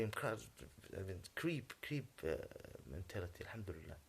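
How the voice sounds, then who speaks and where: A native Arabic-speaking man delivering a rambling, agitated monologue in English, halting often and clearing his throat. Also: deep voice, big pitch swings. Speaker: vlogger.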